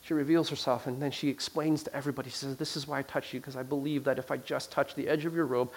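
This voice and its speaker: A man tells a personal story in a sermon quickly, in a mid-range voice with fairly even intonation. He still swings between loud emphasis and hushed passages, often repeating words and restarting his sentences.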